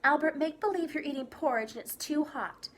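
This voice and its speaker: A woman's voice: brisk, natural voice. Tara, a bossy little dinosaur girl, voiced by a woman. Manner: high, loud and insistent. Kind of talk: storybook reading for children.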